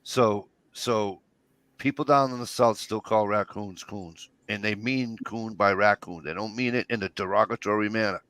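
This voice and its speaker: Low rambling man on a dry mic. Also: steady tone, normal speed, fairly bright tone, dry recording. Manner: rambling, explaining with many restarts. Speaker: co-host. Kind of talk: casual livestream chat.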